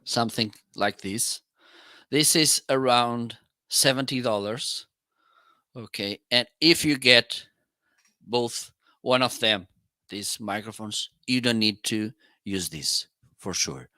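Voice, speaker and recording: On a live product demo stream, a reviewer speaks slowly in a bright, medium-pitched voice. He casually explains as he tries studio microphones on a boom arm.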